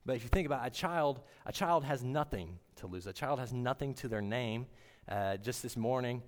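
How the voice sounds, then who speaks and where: A man giving a sermon in an earnest, halting way, often restarting his words. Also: medium pitch, in a large hall. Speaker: preacher.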